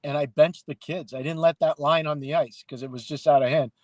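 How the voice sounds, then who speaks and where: A middle-aged man co-hosting a hockey podcast, talking casually and telling stories with lively acted-out quotes. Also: fairly high pitch, fairly quick, no echo. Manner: animated storyteller, acts out quoted people. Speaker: hockey analyst and podcast co-host.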